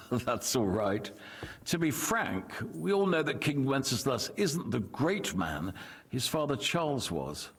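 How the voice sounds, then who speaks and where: An actor playing a measured, diplomatic medieval nobleman who is loyal to his king, in video game voice acting. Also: mid-range voice, slightly rough, heavily acted. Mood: firm. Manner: diplomatic, composed.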